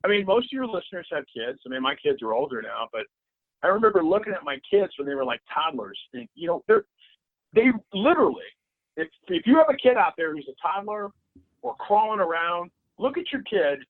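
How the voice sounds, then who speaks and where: Animated middle-aged man on a tinny line. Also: high voice, a little fast, no echo. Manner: animated, swears freely, repeats himself. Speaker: podcast guest. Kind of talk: casual interview chat. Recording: tinny phone-like line, dry.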